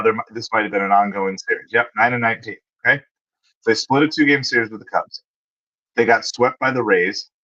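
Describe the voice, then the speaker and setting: A man with a fairly low voice hosts a relaxed livestream, talking straight to his viewers and answering their questions. He thinks out loud and pauses with fillers while he checks things. The audio is a little dull and lo-fi. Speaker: livestream host.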